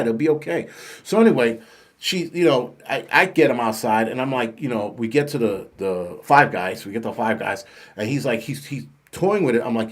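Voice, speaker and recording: Profane, heated middle-aged man ranting. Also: medium pitch. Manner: profane, heated, blunt storytelling. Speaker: host. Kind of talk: ranting monologue to camera.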